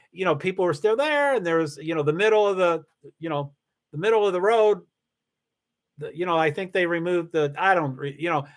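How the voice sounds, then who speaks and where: A middle-aged man hosting a casual livestream, talking in a rambling, halting way with many restarts and fillers, candid and confessional about his life. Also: fairly high pitch, a bit bright. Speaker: livestream host. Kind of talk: casual personal livestream talk.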